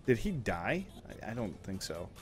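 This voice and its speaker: A man's voice: lowish voice, sing-song, normal speed, over music. Crude rambling young man streaming a game. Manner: crude, rambling, swears a lot. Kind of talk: casual gaming chat.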